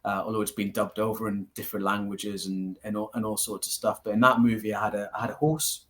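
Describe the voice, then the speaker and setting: A man's voice: lowish voice, quick pace. A man with a Geordie accent, a martial arts teacher, telling stories as a guest in a casual interview. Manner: storytelling, animated, laughs easily.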